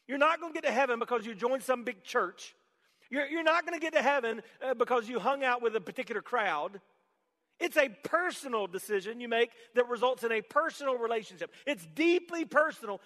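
A male pastor preaching a sermon, dropping to a hush and then rising to shouts, calling on the congregation to repeat his words. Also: very high voice, animated, fairly quick, in a large hall. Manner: swings from hushed to shouted emphasis; leads call-and-response with congregation. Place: church sanctuary.

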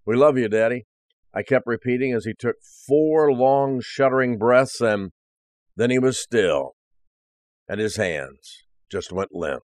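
A man's voice: mid-range voice, expressive, slow pace, darkish tone, dry recording. A male preacher earnestly reading a first-person story aloud as part of a sermon.

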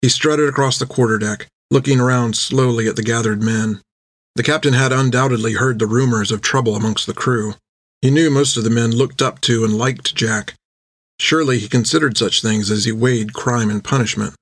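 A man reading a story aloud in steady, even narration on a close microphone. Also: medium pitch, normal speed, no room sound. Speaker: audiobook narrator.

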